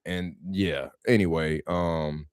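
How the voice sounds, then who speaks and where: Speaking slowly in a smooth voice that sits low, a man runs a laid-back live stream on real estate wholesaling. He tells animated, slangy stories and laughs often, recorded dry at studio quality.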